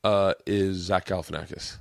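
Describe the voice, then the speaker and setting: A man's voice: sits low, moderate pace, vocal fry, dry recording, clean studio sound. A man in his thirties hosting a casual podcast, rambling and swearing as he tells stories. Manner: rambling, swearing, lively storytelling. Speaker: podcast host. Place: home man cave.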